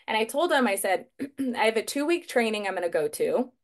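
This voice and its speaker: Lively woman telling a coaching story. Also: mid-range voice, brisk. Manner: lively, conversational, acts out her own past thoughts. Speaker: guest speaker, mental performance coach. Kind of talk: informal online talk, personal storytelling.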